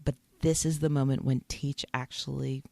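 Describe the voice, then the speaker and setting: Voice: medium pitch, flat delivery, normal speed, creaky, darkish tone, no echo. A podcast co-host in casual chat, retelling TV scenes with a lot of emotion. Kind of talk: casual chat about a TV episode.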